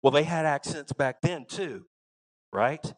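A man with a Southern American accent preaching a sermon as pastor, folksy and emphatic, swinging between loud bursts and quiet asides. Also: a little high, lively intonation, measured pace, low-quality recording.

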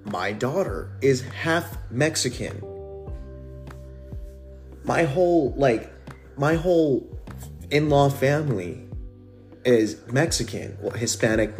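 Animated, swearing male storyteller. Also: medium pitch. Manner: animated, profane, rambling. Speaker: podcast host. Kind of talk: casual storytelling.

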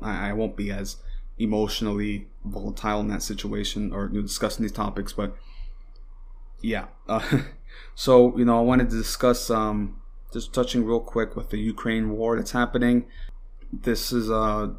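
A young man hosting a podcast, ranting with heavy swearing and constant fillers, at times mocking his opponents. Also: on the low side. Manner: heated and rambling, swears often, many fillers; mocks opponents in put-on voices. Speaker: podcast host. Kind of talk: casual political commentary.

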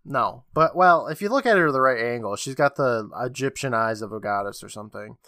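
A man's voice: medium pitch, animated, fairly quick, pushed and bright, no room sound, studio quality. A man co-hosting a casual podcast, recapping episodes with a chatty manner, acting out quotes and laughing often.

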